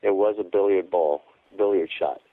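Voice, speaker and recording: A man's voice: low voice, normal speed, dry recording. A man as a radio guest, telling his account emphatically and repeating words for stress. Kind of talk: phone-in radio interview. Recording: tinny phone line.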